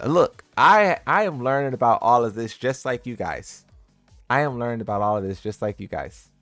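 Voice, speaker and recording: Lively, animated male streamer voice. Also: mid-range voice, moderate pace, dry recording, faint music behind. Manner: incredulous, teasing, laughs at what he reads. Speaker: gaming content creator. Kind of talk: casual commentary to viewers.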